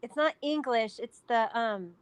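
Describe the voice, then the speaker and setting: A woman's voice: fairly high pitch, unhurried, clear, resonant tone, dry recording. A woman hosting a live chat, bubbly and chatty, often searching for words. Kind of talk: casual chat.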